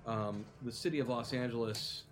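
A man narrating a tabletop game as game master, with animated narration that turns halting and full of fillers when he improvises. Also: mid-range voice, music in the background.

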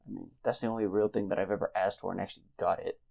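A man's voice: sits low, fairly even intonation, very fast, creaky, dark tone. A young man casually co-hosting a podcast, telling a rambling story and swearing freely. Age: young adult. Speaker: podcast co-host. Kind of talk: casual chat.

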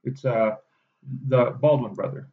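A man's voice: mid-range voice, unhurried. A man co-hosting a podcast in casual chat, rambling and swearing freely with many restarts. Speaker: podcast co-host. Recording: dull lo-fi sound.

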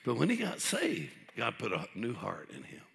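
A middle-aged man pastor preaching a sermon, telling folksy stories and building up to shouted preaching. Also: mid-range voice, huge pitch swings, moderate pace, creaky.

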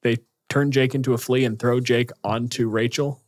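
Male podcast co-host, mid-pitched, casual and profane, running through a plot recap with lots of "like"s. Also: fairly even intonation, moderate pace. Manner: loose, profane storytelling with frequent fillers.

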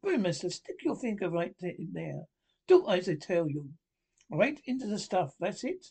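An actor in 1930s radio acting, playing an obsessive, domineering middle-aged male scientist who talks in a commanding, excitable way. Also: high voice, normal speed, creaky, breathy edge, heavily acted.

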